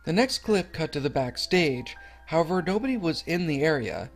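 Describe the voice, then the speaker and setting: A man's voice: on the high side, big pitch swings, moderate pace, faint music behind. A man narrating a creepy horror story in an earnest, slightly stumbling reading.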